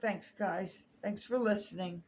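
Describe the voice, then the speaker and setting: A woman telling a personal story on her vlog, holding back tears, halting with many fillers and restarts. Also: mid-range voice, slight background noise. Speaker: artist sharing a personal story.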